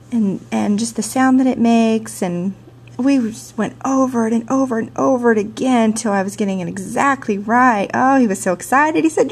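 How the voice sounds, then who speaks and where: Chatty husky-voiced woman telling a story. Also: fairly high pitch. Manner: animated, chatty, laughs often, many "you know" fillers. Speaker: ASL and theater teacher. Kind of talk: personal storytelling. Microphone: handheld camcorder mic.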